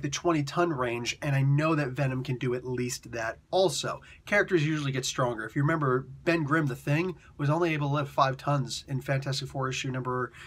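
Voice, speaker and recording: A man casually reviewing a comic book, chatty and animated, slipping into quick character voices. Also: fairly high pitch, slightly rough. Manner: chatty, with many fillers and restarts.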